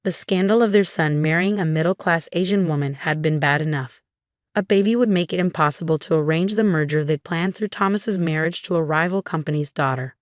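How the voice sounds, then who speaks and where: A woman reading a first-person revenge story as scripted narration, calm and measured. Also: low voice, dry recording, clean studio sound.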